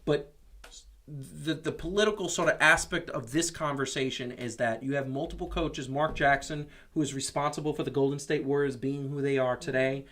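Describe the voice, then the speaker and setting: A man co-hosting a casual sports talk show, animated and opinionated, often restarting his sentences. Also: mid-range voice, normal speed. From New York. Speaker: podcast co-host. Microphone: streamed show mic.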